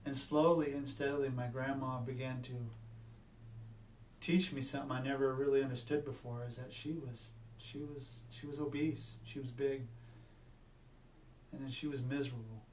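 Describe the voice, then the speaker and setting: Male doctor, mid pitch, earnest halting storyteller; roomy distant mic with faint background noise. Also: steady tone, darkish tone. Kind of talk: personal storytelling talk. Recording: echoey room, mic at a distance.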